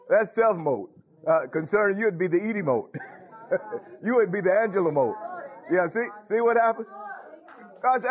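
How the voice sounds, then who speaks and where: A man preaching with lively swings in pitch, rising high when he calls out praise and dropping low when he turns serious. His voice sits a little higher than most men's and laughs break through often. The sound is dull and lo-fi. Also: moderate pace, long pauses. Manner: animated preaching with frequent laughs and call-outs. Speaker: pastor. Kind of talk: sermon.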